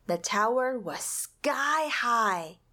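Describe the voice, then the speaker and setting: A woman reading a children's storybook aloud with an expressive, soothing delivery. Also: a little high, drawn-out words. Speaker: storybook reader.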